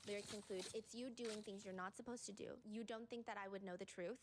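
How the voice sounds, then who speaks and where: A woman's voice: medium pitch, steady tone, a little fast, noisy background. A woman giving casual commentary in a chatty, conversational way, reading out lyrics and comments as she goes.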